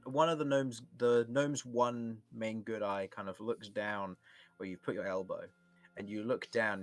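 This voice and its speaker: A man's voice: medium pitch, no room sound. Laid-back man narrating as game master. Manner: relaxed, descriptive, halting narration.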